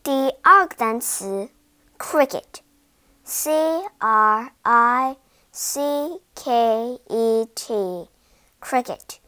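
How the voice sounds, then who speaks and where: Woman teacher, spells each word letter by letter, unhurried and clear, bright slightly high voice. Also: lively intonation. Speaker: language teacher. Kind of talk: vocabulary lesson.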